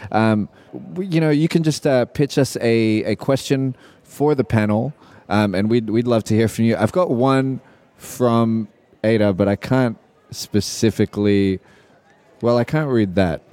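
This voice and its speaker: Mellow-voiced hesitant Australian man. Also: medium pitch, a little slow. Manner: hesitant, lots of ums and restarts. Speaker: podcast host. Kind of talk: live podcast panel chat. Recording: live show at a pen expo, audience.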